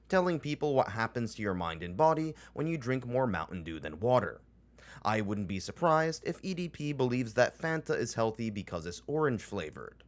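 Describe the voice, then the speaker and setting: A man narrating a scripted commentary in a deadpan, mocking tone full of dry sarcasm. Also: medium pitch.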